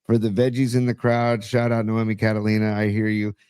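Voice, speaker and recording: A man's voice: on the low side, completely flat delivery, fairly quick, a little mellow, clean tone, dry recording, studio quality. A man co-hosting a podcast, talking casually and enthusiastically with rambling fillers. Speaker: podcast co-host. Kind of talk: casual chat.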